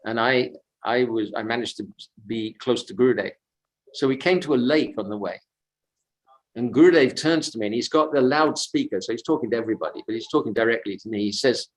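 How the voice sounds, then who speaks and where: A man speaks in a mid-range voice, telling devotional stories at a sacred lake on a pilgrimage walk. His delivery is unhurried and reflective. He drifts easily between personal anecdote and quiet commentary. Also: medium pitch, rough recording. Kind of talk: devotional storytelling talk.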